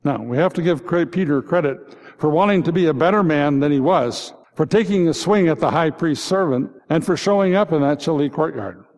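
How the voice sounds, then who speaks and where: A man's voice: fairly high pitch, fairly quick, few pauses, darkish tone. Reflective male pastor, reverberant sound. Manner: reflective, repeated rhetorical questions. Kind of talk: Good Friday sermon. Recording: long reverb.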